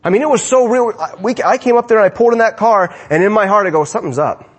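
A man giving a sermon to his congregation in a church, preaching with animated swings between emphatic and hushed lines. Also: high-pitched, quick pace. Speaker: pastor. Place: church sanctuary.

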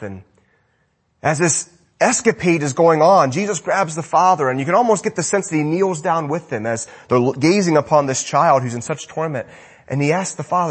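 Husky man preaching with passion. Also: a little high. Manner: impassioned preaching, swinging between loud and hushed. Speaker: pastor. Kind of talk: sermon.

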